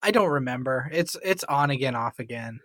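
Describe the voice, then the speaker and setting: A mid-pitched man speaking in a dry, close-miked studio sound. He trades wry, laid-back jokes as co-host of a casual podcast. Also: lively intonation, brisk, a bit bright, dry recording.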